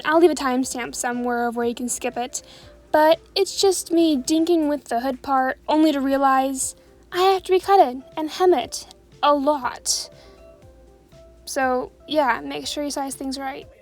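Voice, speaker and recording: Brief: high-voiced woman, casual self-deprecating vlog narration, faint music behind. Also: unhurried. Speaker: sewing vlogger.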